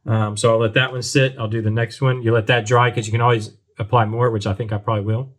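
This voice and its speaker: A man's voice: mid-range voice, level tone, fast. A man casually talking through a model kit build at his workbench, thinking aloud with frequent ums and restarts. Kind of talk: casual build tutorial talk. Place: workbench at home.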